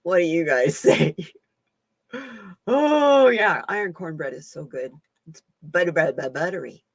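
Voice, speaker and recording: A woman's voice: sits low, lively intonation, normal speed, no echo. A woman hosting a casual live-stream chat as a card reader, folksy and laughing often.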